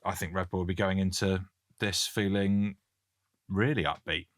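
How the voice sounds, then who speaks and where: A man's voice: sits low, fairly even intonation, normal speed, no echo, studio quality. A British man co-hosting a podcast in casual chat, joking and reading out listener messages. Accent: British English. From Britain. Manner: jokey, reads listener messages aloud. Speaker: podcast co-host. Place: Canada.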